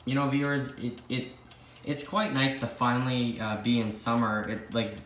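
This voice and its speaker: A man's voice: medium pitch, steady tone, normal speed, a bit bright. A young man rambles through a casual vlog, mumbling asides and poking fun at himself. His voice bounces around an echoey room with a faint hiss of noise underneath. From Canada. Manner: rambling, self-deprecating, talks to himself. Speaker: clock collector host. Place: indoor room with ticking clocks. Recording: roomy echo, faint background noise.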